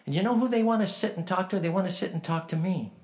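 A man's voice: high voice, quick pace, a little mellow, voice pushed up, natural voice. A man preacher voicing a cheerful grown man with a lisp, quoted in a sermon with blunt, joking energy. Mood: confident. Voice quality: lisping.

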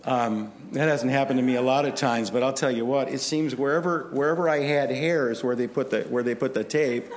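A man preaching a sermon in a conversational, storytelling way, with animated delivery. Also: mid-range voice, slight background noise. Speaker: pastor.

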